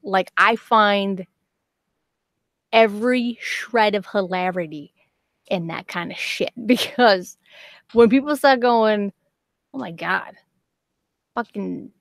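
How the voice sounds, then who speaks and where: A woman's voice: mid-range voice, takes it slowly, pauses often, no echo. A woman with a Boston accent hosting a casual livestream, blunt and swearing freely. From Boston area. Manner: blunt, swears a lot, reads chat aloud. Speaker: horror narrator and livestream host.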